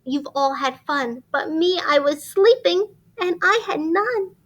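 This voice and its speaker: A woman's voice: very high voice, expressive, unhurried, dull audio, pitched above the performer's own voice. A woman voicing an upset, grumpy male bear who complains in a whiny way. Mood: aggrieved.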